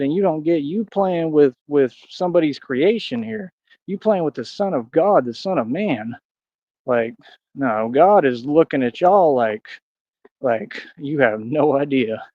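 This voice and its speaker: A man's voice: fairly high pitch, no echo, lo-fi sound. A man ranting casually on a livestream, rambling and aggrieved, slipping into preachy declarations. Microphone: streaming mic.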